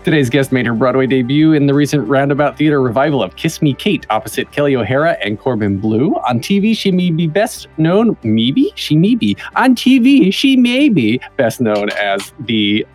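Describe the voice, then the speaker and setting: A man's voice: mid-range voice, normal speed, hardly any pauses, faint music behind. A man hosting a podcast interview, reading a guest's introduction and then chatting with her playfully. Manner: playful and animated, laughs often. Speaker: podcast host.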